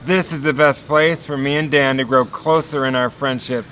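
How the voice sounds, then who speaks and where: A man voicing Jesus as an eager, friendly figure who is excited to meet a friend, in a casual, everyday way of talking. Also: mid-range voice, moderate pace, soft background music, lightly acted.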